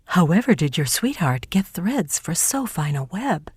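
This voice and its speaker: A woman reading aloud and voicing a kindly old farmer father who speaks in a gruff, exclaiming way. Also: fairly low pitch, big pitch swings, a little slow, a little mellow, dry recording, clean studio sound, full character voice. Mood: hearty.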